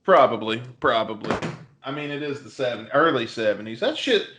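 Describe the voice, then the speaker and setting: A man's voice: medium pitch, lively intonation, brisk, noisy background. A man co-hosting a podcast in casual, joking chat, swearing freely. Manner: laid-back, swearing, joking. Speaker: podcast co-host.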